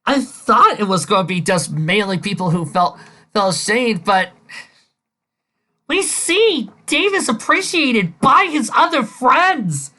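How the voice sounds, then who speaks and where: A woman's voice: medium pitch, big pitch swings, a little slow, bright, forceful tone. A woman reading fan fiction aloud and ranting at it with sarcastic, incredulous commentary. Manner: incredulous, sarcastic, breaks into laughter. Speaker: fanfiction reader and reviewer.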